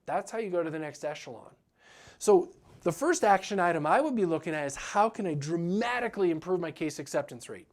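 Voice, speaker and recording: A man's voice: high-pitched, expressive, a little fast. A man giving a motivational business talk as a practice coach, earnest and direct, often acting out what his clients say.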